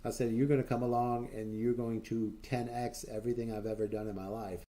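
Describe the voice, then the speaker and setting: A man's voice: mid-range voice, flat delivery, a little fast, warm tone. A man hosting a livestream in casual chat, rambling and swearing a lot with many fillers and restarts, telling boastful, enthusiastic stories. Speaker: livestream host.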